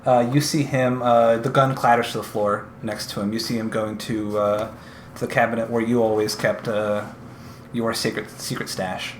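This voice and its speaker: A man running a tabletop game as game master, narrating in a halting way with many fillers. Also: lowish voice, level tone, reverberant, slight background noise.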